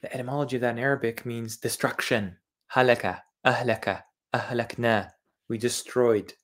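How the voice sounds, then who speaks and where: A man's voice: mid-range voice, steady tone, moderate pace. Man repeating words in an insistent lecture. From Eastern Europe. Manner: repeats words over and over while explaining them. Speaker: channel host. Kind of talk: livestreamed religious monologue.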